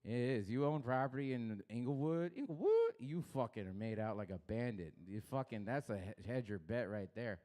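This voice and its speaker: A young man from Los Angeles doing a crude stand-up set, baiting the crowd and swinging his pitch up and down. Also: normal speed, hardly any pauses, darkish tone. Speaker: stand-up comedian. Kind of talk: stand-up set at an open mic.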